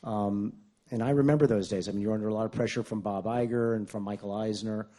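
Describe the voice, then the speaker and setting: A man's voice: on the low side, fairly even intonation, fast, dark tone. A man interviewing a guest on a conference stage, introducing him in a loose, chatty way. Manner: chatty, loose, with fillers and restarts. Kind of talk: onstage interview.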